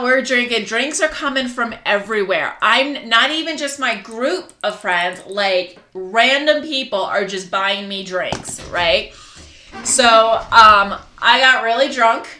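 Bright-voiced woman telling stories, echoey room. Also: fairly high pitch, slow, slight background noise. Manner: frank, profane, laughing storyteller. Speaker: podcast co-host. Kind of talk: casual storytelling chat.

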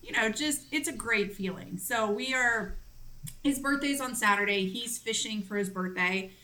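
Animated bright-voiced woman co-host. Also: fairly high pitch, moderate pace. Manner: animated, swears, laughs easily. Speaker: podcast co-host. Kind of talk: casual chat.

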